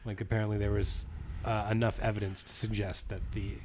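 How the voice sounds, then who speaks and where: A man co-hosting a podcast in casual chat, hesitant with fillers and quick to joke and laugh. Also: on the low side, level tone, darkish tone, slight background noise. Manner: hesitant, joking, laughs a lot. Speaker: podcast co-host.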